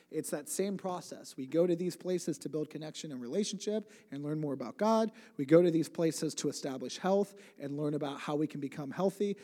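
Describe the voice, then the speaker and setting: A man's voice: a little high, mellow. Chatty young man preaching in echoey hall. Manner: rambling, self-interrupting, conversational with humor. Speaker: church speaker. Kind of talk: sermon storytelling. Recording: long hall reverb.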